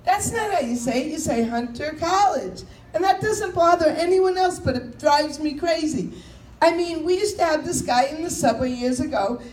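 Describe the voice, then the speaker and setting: High-voiced New woman doing stand-up. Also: animated, normal speed, darkish tone. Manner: chatty, storytelling, mimics voices and announcements. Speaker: comedian. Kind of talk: stand-up comedy set. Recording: echoey room with faint noise.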